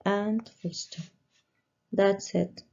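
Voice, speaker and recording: Slow, patient woman teacher, gravelly voice. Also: mid-range voice, steady tone, darkish tone. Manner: patient, stresses each word, drags out key words. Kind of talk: slow worksheet walkthrough for young pupils. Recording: dull lo-fi recording.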